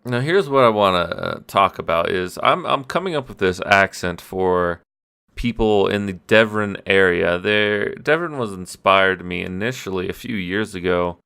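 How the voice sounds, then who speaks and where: A man's voice: low-pitched, expressive, gravelly, bright, forceful tone, smooth. A man casually recapping his tabletop game session as game master, rambling and self-deprecating. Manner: rambling, self-deprecating, with restarts and quick quoted voices. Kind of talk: casual solo recap podcast. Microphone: audio-only podcast mic.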